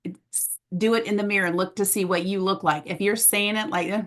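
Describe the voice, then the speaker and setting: A woman giving a motivational sales training talk, acting out little scenes in high, playful voices. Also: fairly bright tone. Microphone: presenting to a camera audience.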